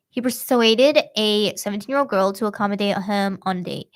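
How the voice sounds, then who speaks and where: A young woman hosting a true-crime podcast, retelling a case in casual, slangy chat. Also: mid-range voice. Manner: slangy, animated storytelling.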